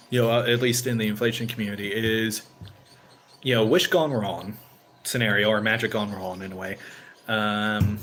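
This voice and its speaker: A man's voice: lowish voice, a bit bright, a little hiss or hum, low-quality recording. A man hosting his own channel, chatting casually with viewers in a rambling way and leaning on "you know" fillers, livening up as he retells stories. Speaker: channel host. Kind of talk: casual livestream chat.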